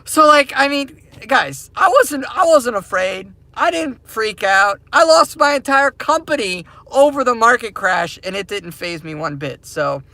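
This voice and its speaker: Gravelly bright-voiced man ranting. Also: extremely high pitch, animated, a little slow, few pauses, no echo. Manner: repetitive, emphatic, preachy. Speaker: crypto mining channel host. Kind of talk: casual ranting monologue to viewers. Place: inside his parked car.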